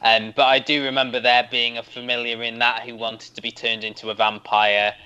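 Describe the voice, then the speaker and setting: A man's voice: mid-range voice, little pitch movement, fairly quick, sharp tone, smooth. A man co-hosting a TV podcast, talking thoughtfully with lots of hedges. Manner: thoughtful, hedging. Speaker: podcast co-host. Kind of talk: casual chat. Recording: dull lo-fi sound.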